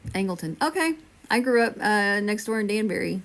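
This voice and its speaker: A Texas woman in her fifties runs a casual livestream as a medium, answering viewer comments and reassuring people by name. Her mid-range voice is animated and runs a little fast.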